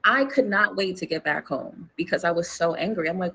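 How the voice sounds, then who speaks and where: A woman from New York tells a personal story as an interview guest, with a husky, gravelly voice that sits a little low. She is animated and swears freely, jumping up in pitch whenever she acts out what someone said. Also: brisk, few pauses, low-quality recording.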